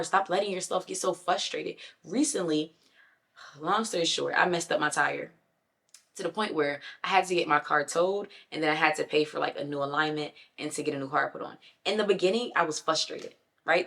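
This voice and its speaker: A woman with a somewhat low voice talks straight to her viewers in a casual motivational style. She is emphatic and conversational, slipping into quick acted-out quotes of other people and tossing in "you know what I'm saying.". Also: fairly bright tone. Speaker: self-improvement vlogger.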